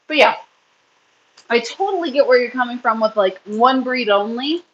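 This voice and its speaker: A woman's voice: a little high, lively intonation, moderate pace, lo-fi sound, slight background noise. A woman in her thirties hosting a casual livestream chat, rambling and reading comments while feeding her kids. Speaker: livestream host and rabbit breeder.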